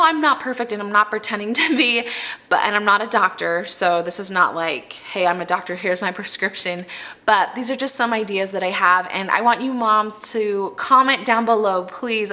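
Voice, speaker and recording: A woman's voice: medium pitch, pushed and bright. A young pregnant woman talking to camera in a casual vlog, giving earnest, heartfelt advice to other moms. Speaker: mommy vlogger.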